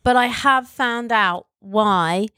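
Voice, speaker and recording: A woman's voice: on the high side, takes it slowly, pushed and bright, smooth. A middle-aged woman with a British accent, co-hosting a casual podcast. She talks in a dry, matter-of-fact way, explaining things plainly. Her voice is recorded close, with a dry sound and no room echo. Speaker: podcast co-host. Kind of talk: casual chat.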